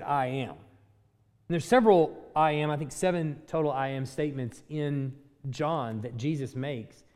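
A man's voice: a little high, a little mellow, in a large hall. A man preaching a sermon. He reads scripture aloud, then teaches in a loose, conversational way with fillers and self-corrections. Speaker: pastor.

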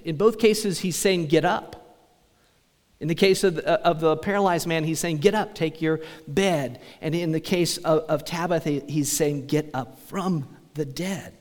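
A man preaching a sermon as pastor, talking conversationally and asking the congregation rhetorical questions. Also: fairly high pitch. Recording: long church reverb.

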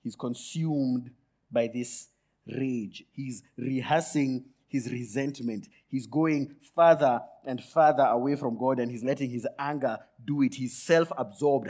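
A male pastor preaching a sermon, swinging from loud emphatic peaks to low quiet asides and acting out quick grumbling lines. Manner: acts out Jonah's grumbling thoughts in quick asides.

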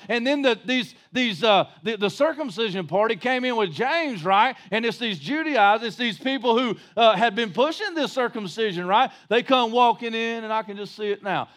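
Male pastor, high-pitched, folksy and joking, rising to shouts mid-sermon.

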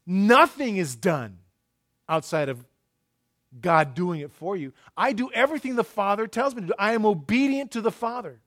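A middle-aged man preaching a sermon, telling stories and swinging between loud emphasis and hushed asides. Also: high-pitched, expressive, normal speed. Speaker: pastor.

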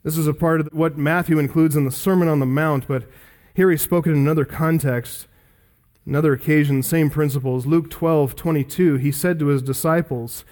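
A male pastor delivers an expository sermon, reading scripture verses aloud and explaining them. His voice sits a little high for a man. He leans on key words with earnest emphasis. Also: fairly even intonation, normal speed, a little mellow.

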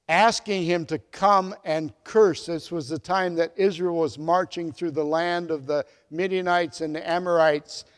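High-voiced male preacher in an echoing hall. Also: clean tone. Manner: storytelling, acts out the quoted dialogue with big swings in loudness. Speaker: pastor. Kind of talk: sermon.

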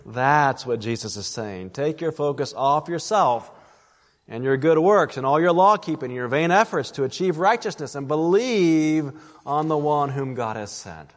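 A man's voice: fairly high pitch, animated, a little slow, long reverb tail. A man preaching an expository sermon, earnest and emphatic, often addressing his listeners as friends.

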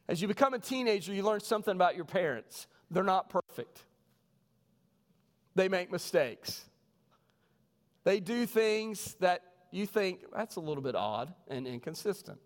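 Man, pastor, sermon, lively storytelling, higher voice, echoing church hall. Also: moderate pace. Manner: animated storytelling, voices quoted people. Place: church sanctuary. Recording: long reverb of a church hall.

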